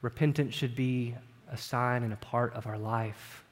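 A man's voice: mid-range voice, fairly even intonation, measured pace. Pastor preaching, man, long hall reverb. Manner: conversational preaching, tag questions, swings from loud to hushed. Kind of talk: sermon.

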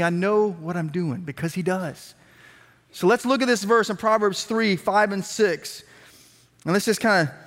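High-voiced pastor in a reverberant hall. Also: male voice. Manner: animated, conversational storyteller with repeated phrases. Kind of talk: storytelling sermon. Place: church sanctuary with congregation. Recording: long reverb of a large hall.

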